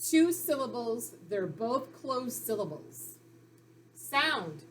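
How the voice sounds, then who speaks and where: A woman's voice: a little high, sing-song, drawn-out words, fairly bright tone, slight background noise. A woman teaching a phonics lesson to young children, sounding out letters and syllables in a patient, encouraging way. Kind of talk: recorded reading lesson for children.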